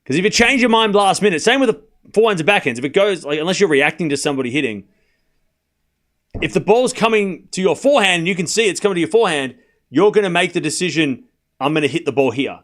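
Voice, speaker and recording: Fast-paced and slightly bright, this host's voice sits on the high side with lively intonation. He runs a live tennis watchalong, calling points while casually chatting with his audience, laughing a lot and addressing chat directly.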